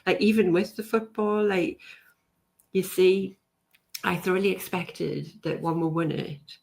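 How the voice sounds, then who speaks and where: A woman's voice: lowish voice, steady tone, unhurried, gravelly, darkish tone. A woman from hosting a podcast, chatting casually with a rambling, agreeable manner. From North East England. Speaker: podcast host.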